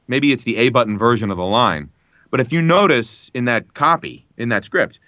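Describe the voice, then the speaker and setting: A man voice actor from Philadelphia, chatting in a podcast interview, animated and quick to laugh, with a mostly neutral American accent. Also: mid-range voice, dry recording, clean studio sound. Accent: trained-out Philadelphia, standard American Midwestern style. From Philadelphia area. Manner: animated storyteller, laughs often, quick asides. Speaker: guest voice actor. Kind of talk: casual podcast chat.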